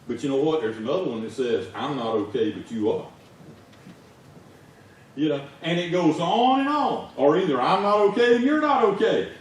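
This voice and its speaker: Folksy Southern preacher in an echoey church. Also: male voice, on the high side, big pitch swings, brisk, hardly any pauses, slight background noise. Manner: folksy, conversational, rising to shouts in stories. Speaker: lay preacher. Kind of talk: sermon. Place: church sanctuary. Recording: echoey church heard from far off.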